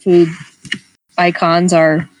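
A woman's voice: fairly low pitch, little pitch movement, very slow, rough recording. A woman chatting casually about a book in a giggly, jokey way. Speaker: book club podcast co-host. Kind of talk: casual chat.

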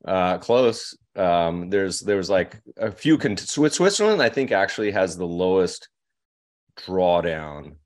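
Male podcast guest, deep register, loose rambling delivery full of fillers. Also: animated, unhurried, a little mellow. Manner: rambling, with many fillers and restarts. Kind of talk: casual podcast conversation.

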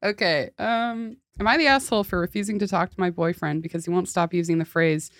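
A woman's voice: fairly low pitch, normal speed, fairly bright tone, no echo, studio quality. A woman co-hosting a comedy podcast, reading a post aloud in casual chat and laughing often as she reads. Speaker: podcast co-host.

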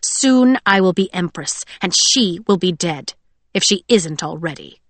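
A woman's voice: fairly low pitch, expressive, unhurried, no echo. A woman reading an audiobook, voicing a cruel, haughty queen who hisses her threats. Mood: menacing. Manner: hissing, sneering.

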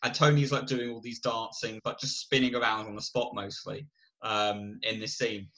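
A man's voice: lowish voice, flat delivery, normal speed, bright, forceful tone. A man co-hosting a podcast, recapping a film in casual, rambling chat full of restarts and acted-out bits. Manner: rambling, full of likes and restarts, acts out scenes. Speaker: podcast co-host.

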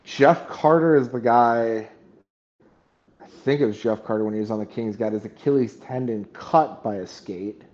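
A man chats casually as a podcast co-host, telling stories and laughing through them. His voice sits at an everyday middle pitch, and the sound is muffled and lo-fi. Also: moderate pace, darkish tone. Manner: laughs while telling stories, hockey talk. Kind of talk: casual chat. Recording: dull lo-fi mic.

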